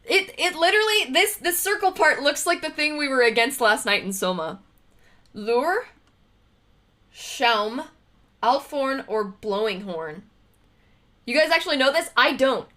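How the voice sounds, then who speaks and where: A woman's voice: high-pitched, expressive, measured pace, long pauses, bright, forceful tone. A woman streamer chatting casually on a livestream, thinking aloud as she reads trivia questions, laughing often and greeting viewers.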